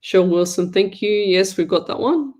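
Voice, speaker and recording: A woman's voice: mid-range voice, moderate pace, darkish tone. A woman hosting a live online show as a psychic medium, giving rambling, chatty readings to listeners.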